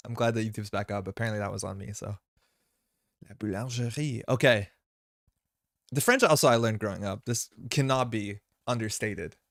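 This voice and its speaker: A man's voice: lowish voice, normal speed, gravelly, a bit bright, no room sound, clean studio sound. A young man hosting a live stream, rambling through casual tangents with lots of "like" and "right?". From Canada.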